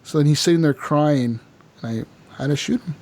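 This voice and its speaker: A man co-hosting a casual gaming podcast, telling a game's story with lots of swearing and putting on quick voices for the characters. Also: a little high. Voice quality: animated storyteller, swears freely, acts out characters in quotes. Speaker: podcast co-host.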